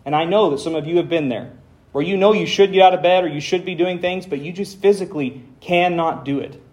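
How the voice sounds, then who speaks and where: A man's voice: high voice, a little fast, darkish tone. A man preaching a conversational sermon as pastor, with dry humor and dramatic emphasis when reading scripture.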